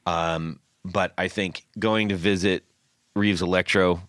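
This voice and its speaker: A man hosting a casual podcast, telling trip stories in an animated way with frequent laughs. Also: sits low, slow pace, no room sound, studio quality. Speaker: podcast host.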